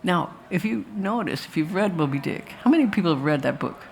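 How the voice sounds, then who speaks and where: A woman's voice: on the low side, expressive, brisk, vocal fry, noisy background. A woman filmmaker speaking to an audience after a screening, rambling and anecdotal with restarts and asides. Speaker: filmmaker talking about her film. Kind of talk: live post-screening talk to an audience. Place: festival talk before an audience.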